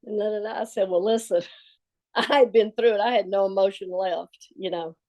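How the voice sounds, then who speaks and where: Woman, middle pitch; interview storyteller who voices the quoted dialogue. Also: normal speed. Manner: animated retelling with quoted dialogue and laughs. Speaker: longtime assistant to a coach.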